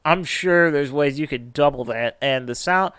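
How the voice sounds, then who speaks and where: Smooth-voiced man telling a story. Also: a little high, moderate pace, a bit bright, no room sound. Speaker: podcast host. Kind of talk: casual podcast chat.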